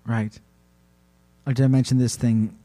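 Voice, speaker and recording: A man's voice: mid-range voice, flat delivery, warm tone. A man casually telling a creepy folk tale on a podcast, stretching words out for spooky effect and laughing along. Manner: playfully spooky, drawn-out narration, laughs often. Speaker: podcast storyteller. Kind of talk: casual storytelling chat.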